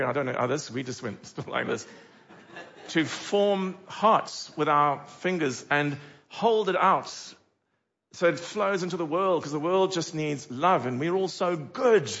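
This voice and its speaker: Middle-aged man, pastor, animated preacher, higher-pitched, slightly muffled church recording. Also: moderate pace. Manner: animated, with dramatic rhetorical questions. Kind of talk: sermon.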